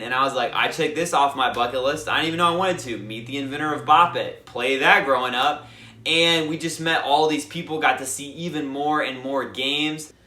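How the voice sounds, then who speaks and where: A young man hosting a board game channel, telling a lively casual recap full of fillers and acted-out quotes. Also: a little high. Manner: animated, lots of fillers, acts out quotes. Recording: echoey room.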